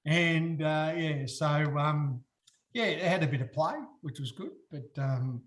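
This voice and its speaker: A middle-aged Australian man who used to play football speaks at a measured pace over a faint hiss or hum. He's a guest in a relaxed chat, telling stories and acting out quotes with big leaps in pitch.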